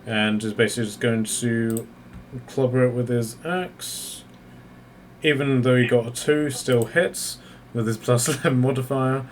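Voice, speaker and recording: A man's voice: medium pitch, a little hiss or hum. Man narrating as game master. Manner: halting, pauses mid-sentence to find words.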